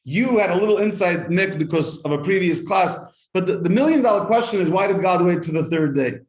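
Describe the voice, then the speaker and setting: Speaking a little fast in a high voice, a rabbi runs a lively Torah class for a live group, with a roomy sound around him. He weaves in stories, throws out rhetorical questions, and translates the Hebrew he quotes.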